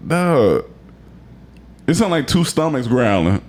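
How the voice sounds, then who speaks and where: A young adult man co-hosting a casual podcast. He tells stories with a lively, swooping pitch and exclaims as he goes. He breaks into laughter often. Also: slow. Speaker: podcast co-host.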